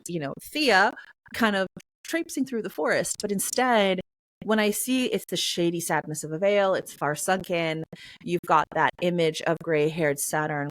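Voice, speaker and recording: Brief: woman guest, lowish voice, chatty and animated in conversation, dry close sound. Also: dry recording. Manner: chatty, many fillers, acts out sounds. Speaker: guest, poetry reader. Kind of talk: casual interview answers.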